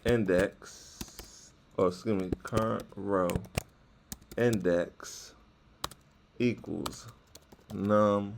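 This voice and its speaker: Slow, gravelly man explaining code. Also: lowish voice, background noise. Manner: dictates code step by step, relaxed and encouraging, says "y'all". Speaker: coding tutorial host. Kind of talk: casual screen-recorded coding walkthrough.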